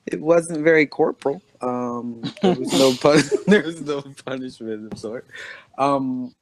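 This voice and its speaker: A man's voice: medium pitch, measured pace, a crowd in the background. A man co-hosting a podcast, telling a rambling story in casual chat and laughing between phrases. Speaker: podcast co-host.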